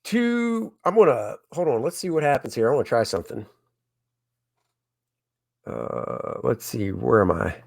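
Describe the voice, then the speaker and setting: A man who makes comics, chatting excitedly with viewers on a casual crowdfunding livestream from home. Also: mid-range voice, unhurried, creaky, long pauses. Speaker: comic creator hosting a crowdfunding stream.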